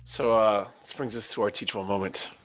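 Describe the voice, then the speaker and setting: A man's voice: lowish voice, fairly even intonation, fairly quick, a bit bright, no echo. A man hosting a podcast, setting up segments in a mock-formal, playful way. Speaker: podcast host. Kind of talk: casual podcast chat.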